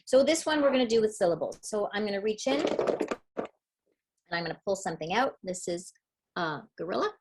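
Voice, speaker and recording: A woman's voice: medium pitch, animated, brisk, darkish tone, slightly rough. A middle-aged woman teaching a parenting webinar on early reading, upbeat and demonstrative, explaining step by step. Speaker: literacy educator.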